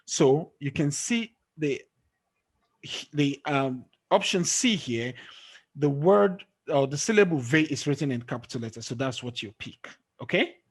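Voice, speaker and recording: On a screen-sharing call or recording, a man with a high, animated, breathy-edged voice teaches English online at a measured pace. He patiently quizzes his students and repeatedly checks in with "okay?".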